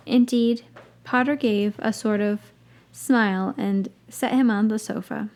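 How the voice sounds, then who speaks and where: A woman's voice: mid-range voice, fairly even intonation, a little slow, darkish tone. A woman hosting a podcast, reading a story aloud and breaking off for wry, dry asides. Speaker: podcast host reading fan fiction.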